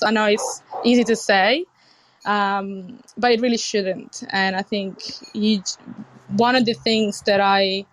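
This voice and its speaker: A young adult woman chef from Sicily with an Italian accent touched by British English, talking earnestly and frankly in an interview. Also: medium pitch. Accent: Italian with British English influence. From Sicily, Italy. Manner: earnest, frank, with frequent restarts. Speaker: chef, guest. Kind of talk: casual interview conversation.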